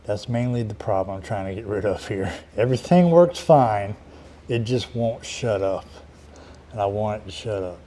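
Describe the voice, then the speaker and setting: A man's voice: fairly low pitch, moderate pace, mellow, slight background noise. A man talking casually and rambling a bit as he repairs a car outdoors, in a folksy way. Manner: rambling, folksy, talks while working. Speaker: DIY car repair vlogger. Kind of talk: casual workshop chat.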